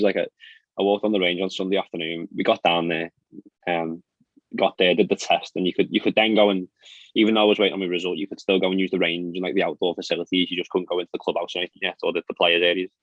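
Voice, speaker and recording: A young professional golfer with a deep, level voice tells stories in a casual podcast chat. He talks fast and chattily, full of fillers and laughs, and the recording sounds dry, dull and lo-fi.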